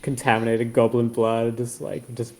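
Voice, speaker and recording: A man's voice: mid-range voice, little pitch movement, normal speed, a little mellow, low-quality recording. A man playing a tabletop game in casual chat, jokey and apologetic. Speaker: player.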